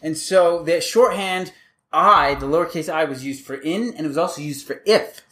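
A man with a slightly high voice hosts a casual podcast and explains things as he goes. He rambles in a chatty way, restarts his sentences often and keeps a loose, talky flow. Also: normal speed, pushed and bright. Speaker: podcast host.

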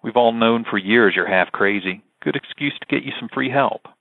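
A man's voice: medium pitch, normal speed, vocal fry, dry recording, voice pushed up. A man voicing a cheerful, cynical wife with a light, teasing way of talking, in a somewhat raised voice, over a tinny, dry line.

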